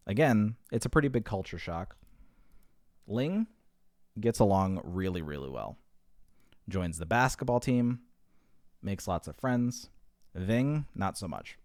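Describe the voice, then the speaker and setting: A man's voice: low voice, darkish tone, no room sound, studio quality. A man telling long rambling jokes, amused by his own material. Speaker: joke teller. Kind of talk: rambling comedic storytelling.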